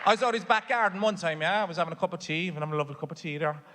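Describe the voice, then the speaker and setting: A man's voice: sits high, fairly even intonation, very fast, big-room sound, a loud crowd, heavy background noise. A man with a Cork Irish accent doing a stand-up comedy set, telling family stories full of swearing and putting on voices. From Ireland. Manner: swearing, storytelling with exaggerated voices for his family. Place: theatre stage before a laughing audience.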